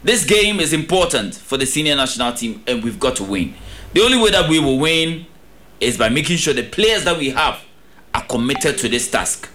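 A man's voice: fairly high pitch, sing-song, normal speed, bright, forceful tone, slight background noise. A young Ghanaian man presenting a radio sports update, reading an ad with playful, upbeat salesman patter and plenty of repetition.

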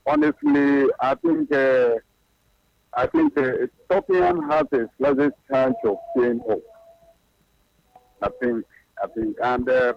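A man's voice: very high-pitched, wildly swooping pitch, takes it slowly, creaky, pauses often, dry recording. A man calling in to a sports radio show, sounding gleeful and often repeating his words. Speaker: caller. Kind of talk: phone-in sports chat. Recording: muffled phone line.

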